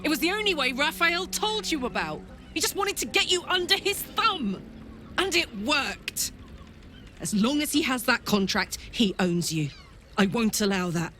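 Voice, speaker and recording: A woman's voice: high voice, sing-song, moderate pace, slight background noise, full character voice. A fiery, defiant rogue woman. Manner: defiant, determined, sharp. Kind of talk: video game dialogue.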